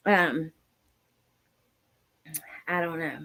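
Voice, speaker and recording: A woman hosts a livestream, pausing a clip to react and read viewers' comments aloud. Her voice sits on the low side, and she talks in loose, musing asides. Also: fairly bright tone. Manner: muses aloud and reads out chat comments. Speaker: livestream host.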